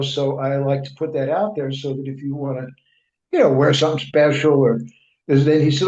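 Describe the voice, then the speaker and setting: Warm-voiced man telling rambling anecdotes. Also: on the high side, moderate pace. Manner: rambling anecdotes with frequent restarts and fillers; acts out other people's remarks in quoted speech. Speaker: interview guest, writer and journalist. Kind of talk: conversational storytelling in an interview. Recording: echoey room, dull lo-fi sound.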